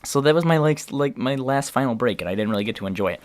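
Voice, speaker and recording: A man's voice: medium pitch, animated, rapid-fire, dry recording. A teenage man from the New York area telling a long personal story to camera in a casual, rambling way, full of fillers and restarts. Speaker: vlogger.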